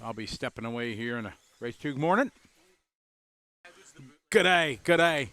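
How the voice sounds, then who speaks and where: Friendly male race commentator, smooth clear voice, relaxed chatter with viewers. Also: medium pitch, fast talker. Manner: chatty, greets viewers, laughs easily. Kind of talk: casual live stream commentary.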